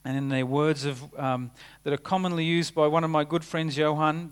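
A man preaching a sermon, earnest, rising for emphasis and dropping to a hushed tone. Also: a little high, fairly even intonation, moderate pace, clean tone.

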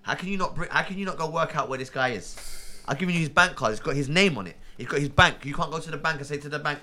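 A man's voice: on the high side, racing. A young man telling a story about his cab work in casual chat, acting out other people's voices as he goes. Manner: animated, acts out voices in quotes.

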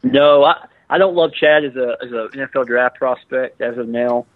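A man's voice: medium pitch, normal speed, crowd noise. Man talking football over a phone line. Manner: relaxed, many restarts. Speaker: guest football writer. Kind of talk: casual sports analysis.

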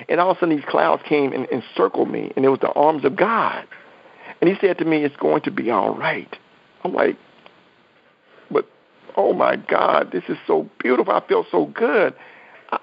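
A man telling his near-death story as a guest, earnest and halting, with frequent restarts. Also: a little high, gravelly, highs cut off. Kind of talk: emotional testimony.

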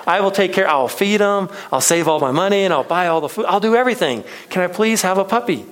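A man voicing an eager young boy who begs in rushed, breathless promises. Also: high voice, lively intonation, voice pushed up. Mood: pleading.

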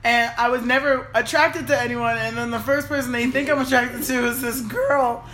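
A young woman telling a personal story in casual chat, emotional and animated, acting out what people said in raised voices. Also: fairly high pitch, normal speed. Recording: echoey room with faint noise.

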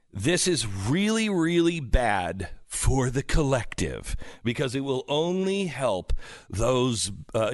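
A man's voice: mid-range voice, no room sound. Fervent talk-radio man, dry studio sound. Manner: fervent, preachy, swings from shouting to hushed. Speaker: radio host. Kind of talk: impassioned political talk radio monologue.

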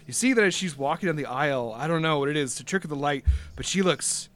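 A man's voice: on the high side, fast, fairly bright tone. A man narrating as game master in a tabletop role-playing game, rambling with lots of fillers. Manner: rambling, full of uh and like, breaks into laughter.

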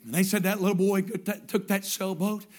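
A male pastor preaches through a story. His voice sits high, and he repeats his phrases. He drops to a hush, then climbs to full shouts. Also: little pitch movement, fairly quick. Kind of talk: sermon storytelling.

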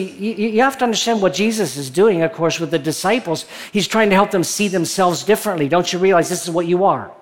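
A male pastor delivering a sermon in a conversational preaching manner, reading scripture and sometimes rising with excitement. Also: fairly high pitch.

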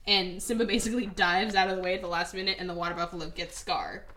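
Animated woman recapping with silly voices. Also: fairly low pitch, fast, a little hiss or hum. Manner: animated retelling, acts out characters in silly voices, swears freely. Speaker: podcast co-host. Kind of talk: casual film recap chat.

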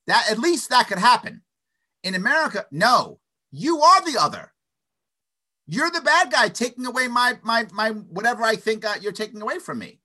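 As an interview guest, a man delivers an opinionated conversational monologue, arguing with animated eagerness. He stutters into restarts and keeps tossing in quick "right?" tags. His high, bright voice swings widely in pitch.

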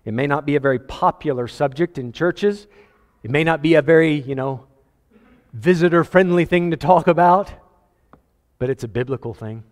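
A man preaching a sermon as pastor, animated, quoting scripture and acting out voices with a chuckle now and then. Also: on the high side, moderate pace, big-room sound. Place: church sanctuary.

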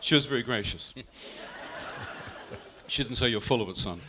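A man's voice: mid-range voice, lively intonation, moderate pace, noisy background. A man telling a personal faith story earnestly, often quoting his mother's words. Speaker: guest telling his testimony.

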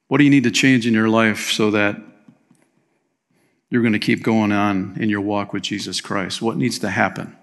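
A pastor delivers an energetic sermon in a fairly low voice at normal speed, swinging from loud emphasis to quiet appeals and putting rhetorical questions to the congregation.

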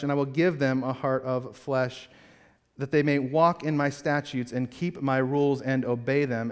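Male pastor, slightly high voice, earnest sermon with direct questions, reverberant hall. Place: church sanctuary. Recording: long reverb of a church hall.

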